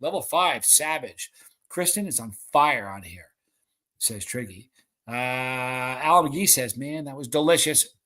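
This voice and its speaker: A man hosting a live stream, reading viewer comments aloud and calling out excited countdowns. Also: medium pitch, unhurried.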